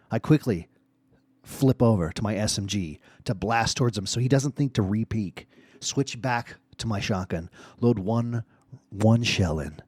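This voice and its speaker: A man hosting his own solo podcast, telling family gaming stories in a casual, animated way that swings from hushed to excited. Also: on the low side, husky, dry recording. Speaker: podcast host.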